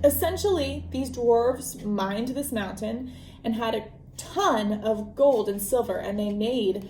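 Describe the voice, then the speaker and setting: A chatty young woman with a fairly high voice, talking through a book as a podcast host. She rambles casually with plenty of fillers. The room around her is echoey. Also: slow pace, darkish tone, slight background noise. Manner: chatty, lots of ums and likes, laughs often.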